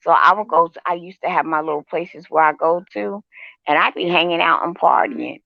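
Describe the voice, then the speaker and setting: A woman's voice: on the low side, brisk, gravelly, dry recording. A woman co-hosting a casual chat show, telling brash stories with laughter. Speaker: show co-host. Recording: dull lo-fi sound.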